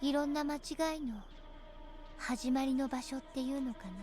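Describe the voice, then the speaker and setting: An eerily calm teenage girl from a story game, voiced by a woman, her voice high and light, her words quick and soft. She sometimes sinks into a whisper. Faint game music plays beneath her. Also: close to an everyday voice. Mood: eerie calm. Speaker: voice actress. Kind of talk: Japanese game voice acting.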